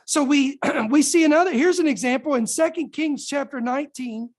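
A woman's voice: high voice, normal speed, darkish tone. A woman preacher delivering a fervent sermon, calling out to her congregation for responses.

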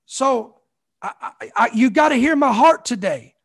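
High-voiced fervent male preacher. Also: animated, unhurried, gravelly, husky. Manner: fervent, repetitive preaching with calls of "come on". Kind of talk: sermon.

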